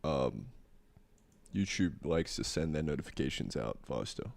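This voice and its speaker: A man's voice: a bass voice, animated, unhurried, creaky. A man with an Australian accent, casually chatting with viewers on a livestream while getting over a cold. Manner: laid-back, chatty, greeting chat by name. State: tail end of a cold. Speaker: streamer.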